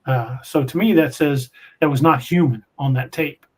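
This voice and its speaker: A man hosting a live podcast, his voice sitting a little high for a man. He reads viewer comments aloud and answers them in a relaxed, chatty way, with plenty of filler sounds. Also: normal speed, slightly rough. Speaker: podcast host reading live chat. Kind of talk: casual live-stream chat.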